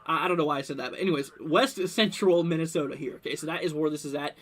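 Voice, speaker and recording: A young man hosting a live weather stream, rambling with many fillers and bursts of excitement. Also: fairly high pitch, fast talker. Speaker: livestream weather host. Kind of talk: casual live weather commentary.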